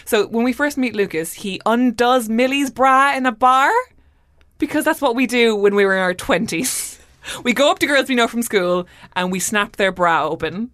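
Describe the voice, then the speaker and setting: A woman's voice: fairly high pitch, animated, normal speed, a bit bright, no echo, clean studio sound. A woman hosting a casual book podcast, talking chattily with fillers and tag questions. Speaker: podcast host.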